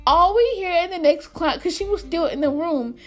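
Young woman vlogger, high-pitched, chatty storyteller who keeps cracking up. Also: normal speed, soft background music. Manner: animated, laughs through her story, talks to viewers. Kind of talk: storytime vlog.

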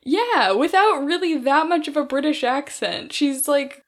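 A woman co-hosts a podcast, chatting casually and animatedly and laughing often. Her voice is high with lively intonation, and she speaks unhurriedly.

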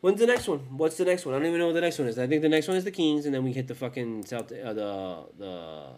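A man's voice: medium pitch, lively intonation, fast, darkish tone. A tired man hosting a fan podcast, ranting in a profane, rambling and heated way late at night. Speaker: sports fan podcast host. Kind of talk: casual rant.

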